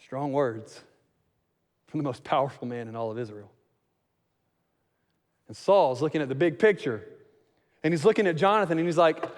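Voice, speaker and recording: A man preaching a sermon as pastor, animated, acting out quotes in different voices. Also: a little high, moderate pace, pauses often, in a large hall.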